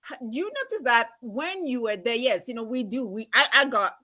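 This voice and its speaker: Woman host, bright high voice, very lively pitch, earnest and chatty. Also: brisk, no echo. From Ghana. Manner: earnest, expressive, many fillers. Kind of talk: casual chat.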